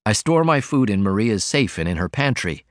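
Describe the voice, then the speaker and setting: A man's voice: fairly low pitch, sing-song, moderate pace, dry recording, studio quality. A man reading an audiobook, voicing a poor young male writer who talks in an earnest, eager way. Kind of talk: audiobook character voice.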